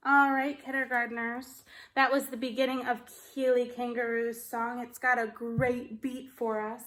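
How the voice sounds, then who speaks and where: A woman teaching a phonics lesson to kindergartners on video, speaking slowly and in a sing-song manner as she reads and spells along. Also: fairly high pitch, level tone, a bit bright, faint music behind. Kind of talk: video lesson for young children. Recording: echoey room.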